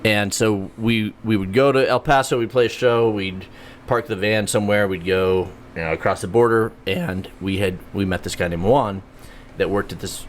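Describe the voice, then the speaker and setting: Low-voiced, self-deprecating male guest. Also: normal speed, slight background noise. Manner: self-deprecating, laid-back storyteller. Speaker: podcast guest. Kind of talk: casual chat.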